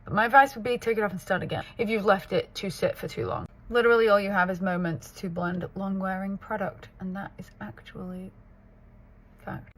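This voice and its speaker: A woman in her thirties from the north of England with a muddled British-American accent and Scouse traces, chatting casually through a makeup tutorial and often dropping to a soft near-whisper. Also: medium pitch, steady tone, brisk. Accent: mixed British and American, with Scouse traces. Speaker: makeup artist and content creator. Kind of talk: get-ready-with-me makeup tutorial.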